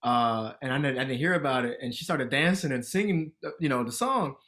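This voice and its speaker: A man in his thirties from the Washington, D.C. area, a comedian guest telling animated stories and laughing through them in casual podcast chat. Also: mid-range voice, fairly quick.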